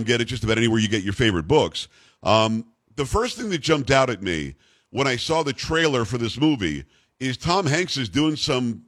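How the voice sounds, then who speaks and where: A man's voice: medium pitch, fairly bright tone, no room sound. A man hosting an interview, eager and chatty, who often restarts his sentences. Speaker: host. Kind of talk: casual interview.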